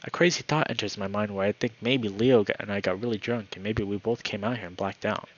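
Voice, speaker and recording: A man reading a visual novel aloud in first person, with a steady storytelling delivery that slows for tense moments. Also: lowish voice. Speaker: channel host. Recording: dull lo-fi with faint hiss.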